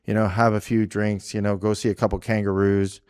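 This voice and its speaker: A man's voice: fairly low pitch, flat delivery, a little fast, darkish tone, clean tone. A man from Canada co-hosting a casual talk show on policy, chatty and rambling, often laughing. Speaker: podcast co-host. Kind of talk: casual chat about policy.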